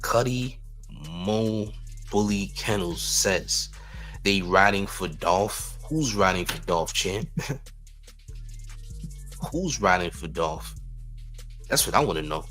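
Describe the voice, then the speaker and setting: A man's voice: on the low side, animated, takes it slowly, pauses often, fairly bright tone, faint music behind. A man hosting a hip-hop news stream, talking sarcastically with frequent chuckles. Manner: sarcastic, chuckling, calls viewers "champ". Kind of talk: live-stream commentary.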